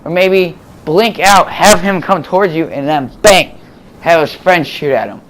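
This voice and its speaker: A man's voice: fairly high pitch, measured pace, a bit bright. A man giving casual, rambling voice-over commentary on gameplay footage, full of fillers and restarts, recorded at home.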